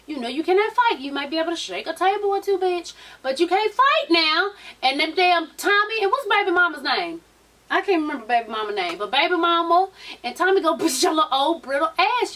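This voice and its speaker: High-voiced sassy woman gossiping. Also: far from the mic, poor audio. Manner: sassy, animated gossip with a lot of swearing. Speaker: vlogger recapping a reality show. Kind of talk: casual, profane show recap.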